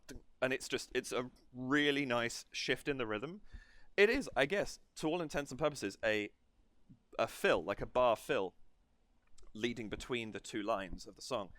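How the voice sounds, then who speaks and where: A man's voice: medium pitch, fairly bright tone, dry recording. A man hosting a reaction video, analysing a song's rhythm in a digressive way and counting and humming beats to explain it. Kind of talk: music analysis commentary.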